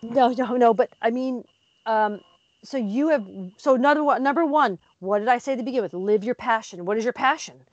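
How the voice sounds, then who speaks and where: A woman's voice: fairly high pitch, a little fast, dry recording. Chatty woman co-host, dry lo-fi sound. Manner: lively storyteller, acts out voices. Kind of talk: casual chat.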